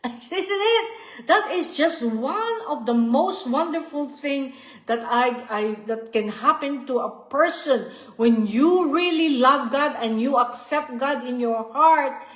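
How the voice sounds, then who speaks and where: A woman's voice: high voice, animated, slow, fairly bright tone, reverberant. A woman giving an earnest devotional teaching, often repeating herself and checking in with "okay?" and "you see". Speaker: Bible study teacher.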